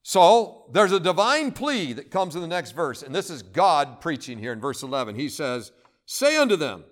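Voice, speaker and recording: A male preacher with a high, very animated voice. He preaches with fervor, reading scripture aloud and pleading with his listeners in rising, impassioned bursts. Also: moderate pace. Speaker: pastor. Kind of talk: sermon.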